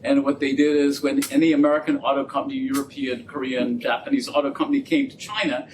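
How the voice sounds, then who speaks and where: A man giving a talk and answering audience questions, animated and jokey, acting out quoted dialogue as he tells stories. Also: medium pitch, fast, noisy background. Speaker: guest speaker on trade policy. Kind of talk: lecture and audience Q&A. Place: lecture venue.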